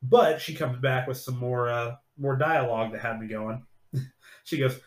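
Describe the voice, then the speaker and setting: A man hosting a podcast, retelling a scene in casual chat as an animated storyteller who swears freely. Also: mid-range voice, moderate pace. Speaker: podcast host. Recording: echoey room.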